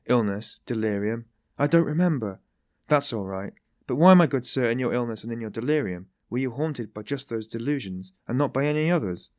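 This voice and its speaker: A man's voice: medium pitch, expressive, brisk, a little mellow, no echo, studio quality, lightly acted. A man voicing a sly, genial detective who teases in a mocking, ironic way. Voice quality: tittering, mocking.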